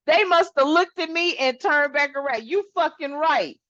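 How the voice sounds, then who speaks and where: A woman hosting a spiritual channel, talking casually to her viewers in an animated, rambling way and swearing freely. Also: high-pitched, moderate pace, hardly any pauses, no echo, dull audio.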